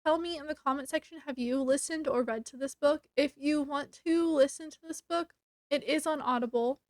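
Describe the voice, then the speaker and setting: A woman's voice: high voice, normal speed, a little mellow, no room sound, studio quality. A woman with a child, casually retelling a novel's ending for her book review vlog, sniffly from allergies and filling her talk with "like" and little laughs. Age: adult with a child. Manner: chatty retelling with many "like"s and laughs.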